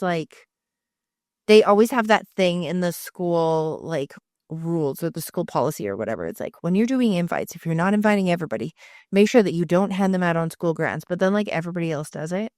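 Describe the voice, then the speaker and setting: A woman's voice: on the low side, no room sound, clean studio sound. A woman in her thirties co-hosting a podcast in casual chat, telling stories and acting out what friends said. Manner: chatty storyteller, acts out friends' quotes, lots of "like". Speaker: podcast co-host.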